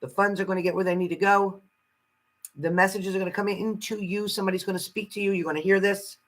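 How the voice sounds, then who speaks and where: A woman's voice: medium pitch, fairly even intonation, fast talker, low-quality recording. A woman giving a casual live-stream tarot card reading, chatty and salty, greeting viewers fondly and swearing freely.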